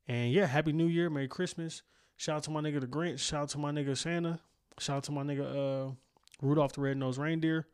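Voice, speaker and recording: A man's voice: mid-range voice, clear, resonant tone. Young dude doing his podcast outro in his home studio, swears nonstop, rambly and self-mocking. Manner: profane, rambling, self-mocking, laughs often. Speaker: podcast host. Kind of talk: casual solo podcast outro. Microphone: studio microphone.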